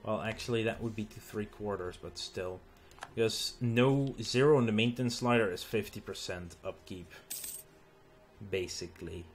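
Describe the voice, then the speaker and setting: A tired man thinking aloud as he plays a strategy game late at night, halting with ums and restarts. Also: on the low side, slight background noise. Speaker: gaming channel host. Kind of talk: let's play commentary.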